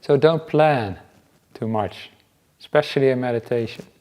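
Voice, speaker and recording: A Buddhist monk gives an unhurried talk at a meditation retreat. His voice sits at an ordinary middle pitch for a man. He speaks in a casual, easygoing way, with halting pauses and frequent soft chuckles. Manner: relaxed and conversational, chuckles often.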